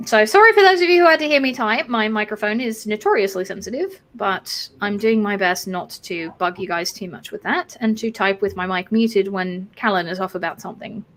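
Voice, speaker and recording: A woman's voice: mid-range voice, fairly quick, hardly any pauses, a bit bright, soft background music. A woman with a British accent mixing South London and Sheffield with some American, tipsy from wine, rambling in a casual streamed chat as host. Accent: British mix of South London and Sheffield with an American tinge. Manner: rambling, discursive, chatty with fillers.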